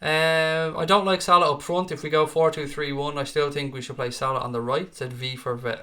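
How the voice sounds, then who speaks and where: A young Irishman hosts a casual live-chat stream, reading out viewer comments and answering them bluntly with plenty of swearing. His voice sits on the high side with little pitch movement, and he talks a little fast in a bright, forceful tone.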